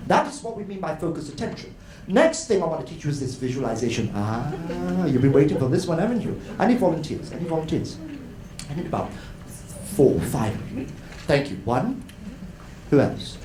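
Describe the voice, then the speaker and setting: Animated man lecturing in an echoey hall. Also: a little high, moderate pace, a crowd in the background. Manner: animated, playful, acts out voices and laughs often. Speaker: conference workshop speaker. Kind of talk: lively educational talk to an audience. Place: hotel conference room. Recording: roomy hall with faint noise.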